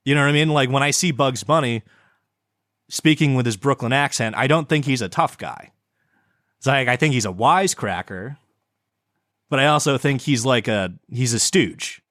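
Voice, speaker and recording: A young man chatting loosely as a podcast co-host, tripping over his words and restarting sentences. He swears freely as he rambles along. His voice sits at a middling pitch, recorded dry and close with no room sound. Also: normal speed, fairly bright tone, dry recording. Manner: rambling, stammering, swears often. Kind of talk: casual chat.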